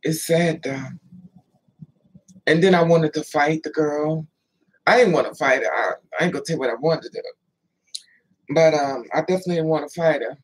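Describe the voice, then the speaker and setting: A woman's voice: low voice, moderate pace, long pauses, husky, poor audio. A woman telling stories in a loose, chatty way, stopping to answer viewers by name. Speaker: livestream host. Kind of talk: casual storytelling chat.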